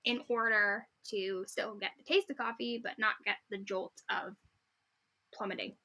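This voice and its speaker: A woman's voice: mid-range voice, measured pace. A young woman co-hosting a podcast, chatting casually and reading posts aloud while often breaking into giggles. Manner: giggly and animated, often laughing mid-sentence. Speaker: podcast co-host.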